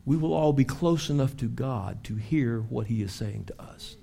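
A man preaching a sermon as pastor in a church, telling stories with lively acted-out shouts. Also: mid-range voice, moderate pace, vocal fry. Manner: animated storytelling with acted-out shouts. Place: church sanctuary.

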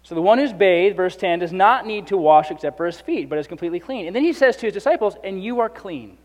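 A man's voice: high-pitched, expressive, quick pace, darkish tone, long reverb tail. A man preaching a sermon in a conversational way, acting out the speakers in the passage. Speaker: pastor.

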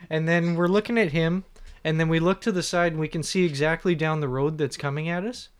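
A man's voice: a little high, fairly even intonation, fairly quick, clear, resonant tone. A man casually telling a rambling story on a podcast, often laughing mid-sentence. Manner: rambling, laughs through his own story. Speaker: podcast co-host or guest.

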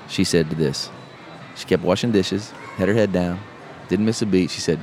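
A middle-aged man, a podcast host telling a story in casual, animated chat. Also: deep voice, moderate pace. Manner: animated storyteller, calls listener bro. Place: live podcast event. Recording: live event, faint noise behind.

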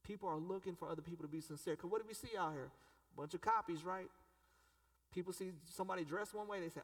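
A man's voice: high-pitched, fast. A male pastor preaching a sermon in a casual, conversational way, asking the congregation questions and using everyday slang. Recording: echoey hall, voice from a distance.

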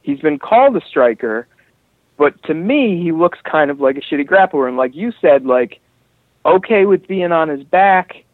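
A man hosting a casual chat about fights, animated and profane, rambling through asides. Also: fairly high pitch, normal speed, dry recording. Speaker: podcast host. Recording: tinny phone-like dry sound.

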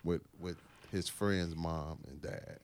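A man who works as a school teacher, chatting casually in a group and telling animated stories that grow loud and emphatic when he gets riled. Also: deep voice, slow pace, creaky, clean tone.

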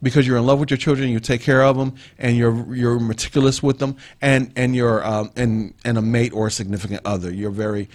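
Male co-host, mid-pitched, talks through points like a teacher, lots of repetition. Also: fairly even intonation, brisk, hardly any pauses, a little mellow. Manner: preachy, explains with repetition and asides. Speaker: podcast co-host. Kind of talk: casual teaching talk.

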